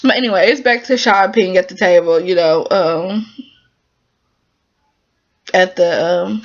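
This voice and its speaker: A woman's voice: lowish voice, measured pace. A woman casually recapping a TV drama episode, talking in a chatty, informal and emotional way with lots of fillers. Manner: animated, emotional storytelling. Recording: muffled lo-fi recording.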